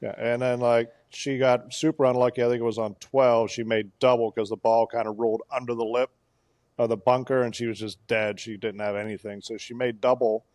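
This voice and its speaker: A man co-hosting a casual golf podcast, telling a play-by-play story with animated bursts of excitement. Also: medium pitch, brisk, no room sound, studio quality. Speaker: podcast co-host.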